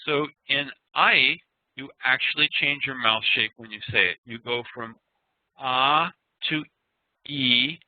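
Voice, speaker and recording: A man teaching an online class, speaking slowly and patiently and demonstrating sounds aloud. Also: mid-range voice, no room sound. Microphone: computer mic on a video call. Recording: dry, tinny web-call audio.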